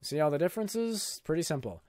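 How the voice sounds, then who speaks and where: A man's voice: on the high side, big pitch swings, fairly quick, a little mellow, no room sound. Young guy explaining video editing, chill and rambly, lots of "like", dry close mic. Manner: rambling, filler-heavy, loose and jokey. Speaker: YouTube tutorial host. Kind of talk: casual screen-recorded editing tutorial.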